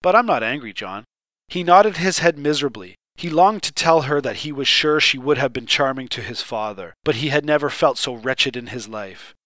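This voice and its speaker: A man reading a short story aloud as an audiobook narrator, measured and even. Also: medium pitch, no room sound. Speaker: audiobook reader.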